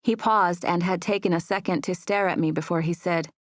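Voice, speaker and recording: A woman narrating a first-person audiobook in an even, gentle storytelling voice. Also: on the low side, fairly quick, few pauses, dry recording, studio quality. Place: recording booth.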